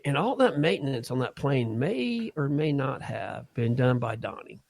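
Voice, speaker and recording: A man's voice: medium pitch, sing-song, normal speed, vocal fry, darkish tone, no room sound. A man co-hosting a podcast in a studio, chatting casually and laughing often. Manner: laid-back, laughs often, says "man" and "dude". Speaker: podcast co-host. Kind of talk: casual chat.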